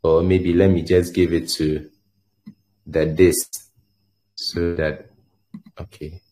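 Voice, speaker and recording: A man with a very low voice walks through a coding lesson at an unhurried pace. He talks as he works, pausing and repeating words while he types and runs his examples. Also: flat delivery, warm tone. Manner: halting, repeats words, thinks aloud while typing. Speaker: coding instructor. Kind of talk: screen-share tutorial explanation.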